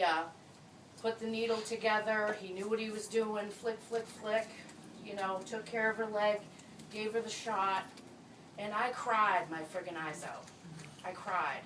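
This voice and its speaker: A woman giving a heartfelt, tearful wedding toast as the bride's best friend, at a reception. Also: medium pitch. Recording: distant echoey room with crowd noise.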